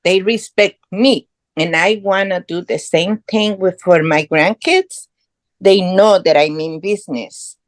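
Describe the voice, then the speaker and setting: Her voice is lowish and her pace measured as this middle-aged Guatemalan woman tells her story on a podcast. She comes across as earnest and proud, using non-native English phrasing in a casual conversational way, with no echo in the recording.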